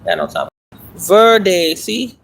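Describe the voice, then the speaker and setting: A speaker in their forties chats loosely on a live stream, drifting from one thought to the next. The talk is casual and unhurried, recorded on a phone while walking outdoors. A faint bed of noise sits under the voice. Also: medium pitch, animated, a bit bright, low-quality recording. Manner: chatty and meandering, talks while walking and exercising. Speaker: livestreamer. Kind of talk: rambling casual live chat.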